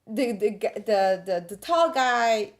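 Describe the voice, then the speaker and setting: High-voiced woman retelling a story. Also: slow pace. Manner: animated storyteller, laughs often, acts out scenes. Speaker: podcast co-host. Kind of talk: casual chat.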